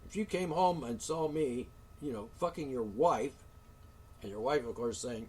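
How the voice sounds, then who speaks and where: A man's voice: mid-range voice, measured pace, darkish tone, breathy edge, recorded from a distance. A man hosting a solo talk show, ranting indignantly with curses, sighs and sarcastic asides. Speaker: show host.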